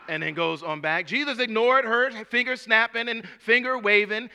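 Bright, high-voiced male preacher. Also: normal speed, few pauses, clear, resonant tone. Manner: conversational, humorous, repeats words and restarts, addresses listeners by name. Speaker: pastor. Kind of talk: sermon.

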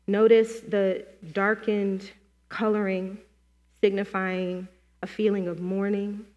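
A woman leads a guided meditation and prayer, speaking slowly and gently, with long pauses between phrases. Her mid-pitched voice carries a long reverb from a large worship hall. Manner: gentle, slow, inviting with many pauses. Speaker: preacher leading a guided meditation.

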